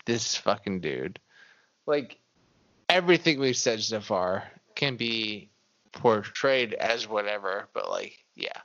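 A man's voice: lowish voice, fairly bright tone, dull audio. A man talking casually about a movie, laid-back and swearing freely.

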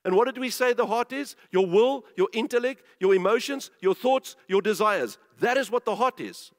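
A man's voice: sits high, animated, moderate pace, in a large hall. A man preaching a sermon, emphatic, asking the listeners questions and repeating phrases.

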